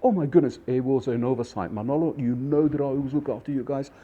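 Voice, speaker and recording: A man voicing a group of wealthy male diners who gush apologies in a high, gushing voice. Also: quick pace, mellow, husky, muffled recording, natural voice. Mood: flustered apology.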